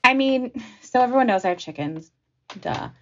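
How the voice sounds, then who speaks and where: A woman's voice: on the high side, animated, moderate pace, fairly bright tone, dull audio. A woman co-hosting a podcast, chatting casually in an earnest, playful way. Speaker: podcast co-host. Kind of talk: casual chat.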